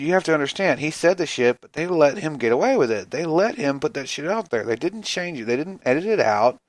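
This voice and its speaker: A man's voice: medium pitch, no room sound. A man hosting a casual solo podcast, ranting in a rambling, profane, frustrated way and sounding tired and yawning. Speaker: podcast host.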